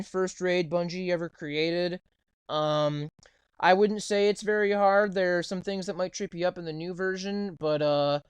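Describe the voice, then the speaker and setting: A man's voice: a little high, clean tone, no echo. A young adult man co-hosting a casual gaming podcast, swearing freely and ranting with repeated "right?". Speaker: podcast co-host.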